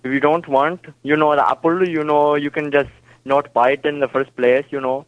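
A man with an Indian accent on a phone call who talks haltingly, stuffing his sentences with fillers and insisting on his point. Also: on the high side, level tone, dry recording. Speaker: prank call target. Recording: muffled phone line.

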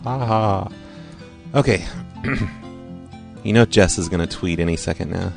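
A man's voice: low voice, a little slow, vocal fry, a little mellow, soft background music. A man hosting a live call-in show, chatting casually with a dry, amused manner. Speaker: host.

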